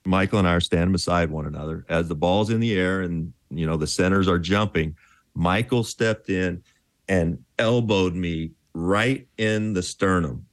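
Deep-voiced ex-athlete telling stories. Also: male voice, moderate pace, no echo, studio quality. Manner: relaxed, chuckling storyteller. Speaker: former pro basketball player, interview guest. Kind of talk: casual storytelling interview.

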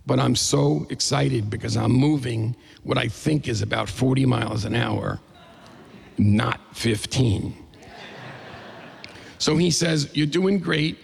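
Gravelly man telling a funny story. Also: mid-range voice, slow pace, pauses often, long reverb tail. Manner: animated, playful, self-mocking. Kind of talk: live comedic storytelling.

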